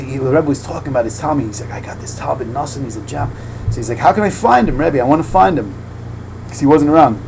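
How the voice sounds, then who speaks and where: Animated rabbi with a gravelly voice. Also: male voice, mid-range voice, a little hiss or hum, low-quality recording. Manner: animated, heavy slang, quick asides, rising to loud fervor. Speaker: rabbi teaching a class. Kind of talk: informal Torah lesson.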